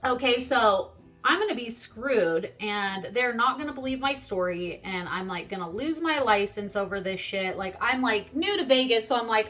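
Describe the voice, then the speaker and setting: A young woman tells a story in a loose, animated vlog chat, swearing freely as she goes. Her voice sits a little high and has a bright, forceful edge. Faint music plays behind her. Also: moderate pace. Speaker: vlogger. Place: home, getting ready on camera.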